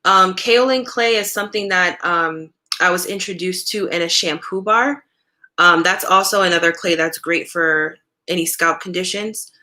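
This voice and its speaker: Bright-voiced woman hosting a chatty live stream. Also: on the low side, normal speed. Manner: conversational, relaxed, many fillers like "um" and "you know"; answers viewer questions from chat. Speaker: natural hair care host.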